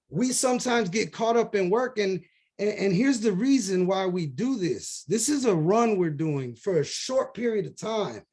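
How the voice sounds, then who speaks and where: A man's voice: sits high, a little mellow. A man on a video call earnestly telling a motivational story and acting out the voices of its characters. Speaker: team member.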